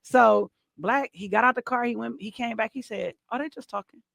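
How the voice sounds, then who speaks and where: Brief: woman podcast co-host, gravelly edge, lively storyteller, dry close mic. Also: a little high, normal speed, no room sound. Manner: animated, laughing storyteller, acts out quotes. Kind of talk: casual storytelling chat.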